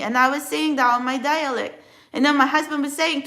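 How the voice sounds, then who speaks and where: A woman whose first language is a Filipino dialect tells her story in a personal spiritual vlog, her high voice bright and forceful with fairly even intonation. She rambles and restarts, emotional and halting, circling back on her own thoughts.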